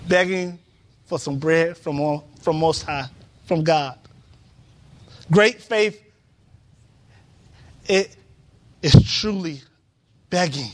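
A man preaching a sermon in a church, telling stories with acted-out voices and building to emphatic peaks. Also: fairly high pitch. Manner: animated storytelling, acts out voices, rising to emphatic peaks.

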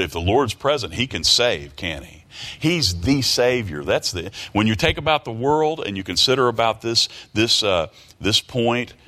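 A man's voice: low voice, a bit bright. A man preaching a sermon who reads scripture aloud, repeats his phrases and keeps asking rhetorical questions. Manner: reads scripture aloud in King James wording.

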